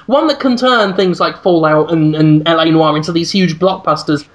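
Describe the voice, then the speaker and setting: A man's voice: fairly high pitch, moderate pace. A man co-hosting a podcast, talking earnestly and rambling a little with restarts in casual chat. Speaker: podcast co-host.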